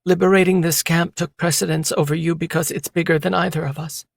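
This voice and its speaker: A fragile young woman from an audiobook, hurt and short of strength, pleading her loyalty in a soft, lifted tone, as a man acts her out. Her delivery is earnest and tender, and it sits in a very close, dry recording. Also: a little high, flat delivery, brisk, gravelly, dry recording, pitched above the performer's own voice. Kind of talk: audiobook character voice.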